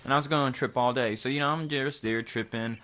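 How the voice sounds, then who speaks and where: A man's voice: medium pitch, fairly even intonation, fast, bright, forceful tone, a little hiss or hum. A young man from Kentucky casually telling a long rambling story, full of slang and filler words. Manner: rambling, loose slang, lots of likes and dudes. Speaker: vlogger.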